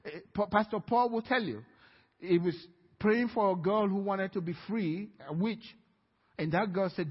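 Male preacher, storytelling sermon delivery with quiet-to-loud swings, husky tone, dull lo-fi sound. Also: high-pitched, normal speed. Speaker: guest preacher. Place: church sanctuary. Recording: dull, reverberant church hall.

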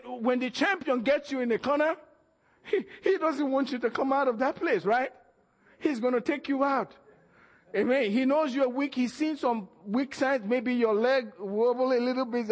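A man preaching a sermon, calling out to the congregation and shouting at the peaks while acting out the voices he quotes. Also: very high-pitched, a little slow. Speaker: pastor. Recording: church hall reverb.

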